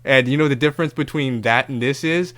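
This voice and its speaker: A man hosting his own show, telling a story in a casual, animated monologue, swearing freely and acting out other people's lines in raised voices. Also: mid-range voice, a little fast. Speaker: podcast host.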